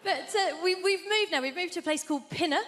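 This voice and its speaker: A woman's voice: extremely high pitch, fast talker, a bit bright. A woman doing a chatty stand-up routine with dry punchlines on a theatre stage. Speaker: stand-up comedian. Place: large theatre stage with live audience. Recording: theatre hall reverb with crowd.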